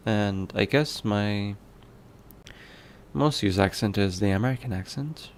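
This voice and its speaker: A man's voice: fairly low pitch, unhurried. A man who develops indie games, talking casually on a stream with lots of fillers and self-corrections. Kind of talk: casual livestream talk.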